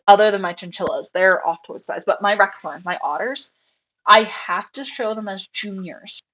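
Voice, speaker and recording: A young woman chats casually on a live show. She rambles in an animated way, full of fillers and little acted-out quotes. Her voice sits at a middle pitch. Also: poor audio. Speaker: rabbit breeder on a live show. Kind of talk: casual chat.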